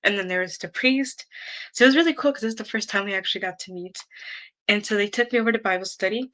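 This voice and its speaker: Bright-voiced chatty young woman. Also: medium pitch, fast, low-quality recording. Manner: chatty, rambling, heavy use of "like" and "um". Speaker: YouTuber. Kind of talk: casual storytelling to viewers.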